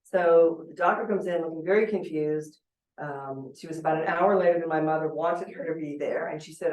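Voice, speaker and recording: A woman in her sixties, a judge, presents a seminar, speaking candidly and telling a personal story in a chatty way. Her voice is low-pitched, steady and a little mellow, with a brisk pace. She's picked up from a distance in a roomy hall.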